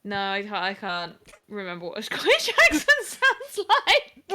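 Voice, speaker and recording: A woman's voice: medium pitch, wildly swooping pitch, normal speed, sharp tone, a little hiss or hum. A woman chatting casually while streaming a game, giggly and playful.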